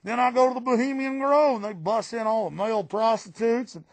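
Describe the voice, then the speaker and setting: A man's voice: extremely high pitch, a little fast, no room sound. A man voicing a smug, boastful mock Texan politician in a put-on Texan drawl, mocking and cackling. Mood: gloating. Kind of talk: political satire impression.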